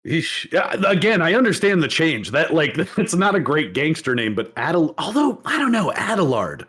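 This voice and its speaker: A man co-hosting a podcast in casual chat, reacting in an animated way, laughing easily and swearing freely. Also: fairly high pitch, moderate pace, breathy edge. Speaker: podcast co-host.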